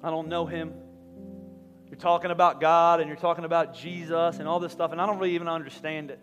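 A man's voice: on the high side, steady tone, fast, lo-fi sound. A man preaching a sermon as pastor, leading the congregation in prayer with impassioned, rising intensity. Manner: impassioned preacher, rising to loud fervent peaks. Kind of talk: sermon with altar call prayer. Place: large church auditorium. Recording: long hall reverb with soft guitar behind.

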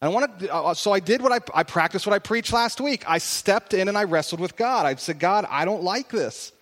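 Guy preaching, high voice, earnest and wrestling, big echoey church hall. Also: lively intonation, a little fast, a bit bright. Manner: earnest, wrestling, rises to emphatic peaks. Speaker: pastor. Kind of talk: sermon. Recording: long reverb of a large hall.

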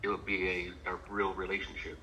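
A man in a church class answering a question, speaking haltingly and repeating words. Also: low voice, monotone, bright, forceful tone, lo-fi sound, a little hiss or hum. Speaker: class member. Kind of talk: answering in a group discussion.

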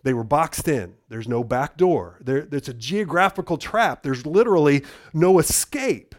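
A middle-aged pastor with a fairly high-pitched voice preaches a sermon as a story. He trips over his words and repeats them, then drops to a low, hushed voice for the key lines. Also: lively intonation, measured pace.

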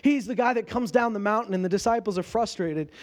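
This high-voiced male pastor talks fast in an informal sermon style, posing rhetorical questions and performing the lines he quotes.

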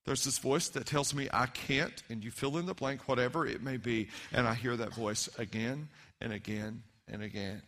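A man preaching a sermon as pastor, earnest and emphatic at times, then quiet and personal. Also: mid-range voice, steady tone, moderate pace, hardly any pauses.

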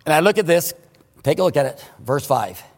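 A male pastor preaching a sermon in a church, emphatic, swinging between loud exclamations and hushed asides. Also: on the high side, expressive, a little fast, in a large hall. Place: church sanctuary.

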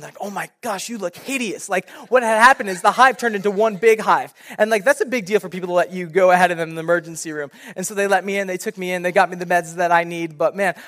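A young man, a youth pastor, giving a sermon and telling a personal story in a casual, animated way. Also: high voice.

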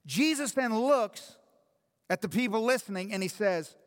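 A man's voice: sits high, expressive, moderate pace, in a large hall. A man preaching a sermon as pastor, speaking directly and with passion to the congregation.

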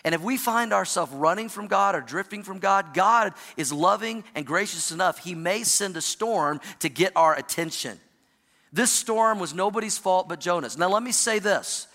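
High-voiced preacher in a reverberant church. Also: male voice, lively intonation, normal speed. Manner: dynamic preaching, drops low and quiet for emphasis. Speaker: pastor. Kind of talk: sermon. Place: church sanctuary.

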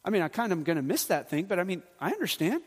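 High-pitched and husky, the middle-aged pastor races through his sermon in a sing-song manner. His preaching is earnest and chatty with touches of humor, set against a long hall reverb.

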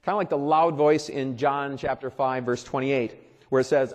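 A pastor preaching a sermon in a conversational way, repeating phrases and swelling loud for emphasis. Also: male voice, medium pitch, fairly even intonation, moderate pace. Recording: long reverb of a large hall.

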